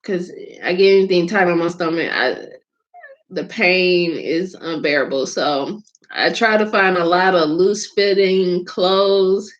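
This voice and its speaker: Slow-talking Southern woman, laughing a lot. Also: on the low side, lo-fi sound. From Georgia, US South. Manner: rambling, laughs often, drawn-out words. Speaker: host. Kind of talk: casual chat.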